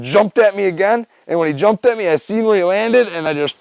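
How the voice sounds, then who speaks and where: A man's voice: on the high side, big pitch swings, moderate pace, vocal fry, a little mellow, no room sound, low-quality recording. A man hosting a podcast, chatting casually in a rambling, profane, laid-back way and tacking "man" and "dude" onto his sentences. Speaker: podcast host. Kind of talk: casual storytelling chat.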